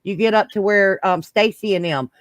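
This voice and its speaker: A woman's voice: mid-range voice, moderate pace, no echo. A woman from the Southern United States with a strong Southern country accent, talking bluntly and swearing in a casual group voice chat.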